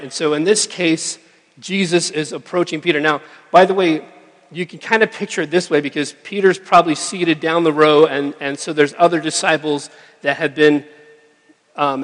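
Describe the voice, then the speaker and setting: Male preacher, fairly high voice, casual conversational sermon, long hall reverb. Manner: conversational, checks in with "okay?" and "right?".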